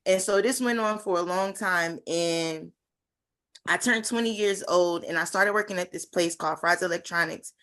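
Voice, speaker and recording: Speaking at a conference by video call, this woman in her twenties offers a sincere personal testimony full of fillers. She talks at a normal speed in a lowish voice with a fairly bright tone.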